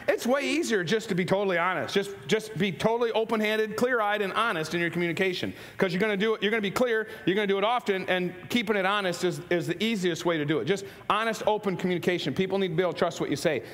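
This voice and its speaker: A man's voice: high-pitched, quick pace, a bit bright. A man giving a humorous motivational talk to a live audience, playful and jokey, asking the crowd questions. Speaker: leadership speaker. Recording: long hall reverb, faint ambience.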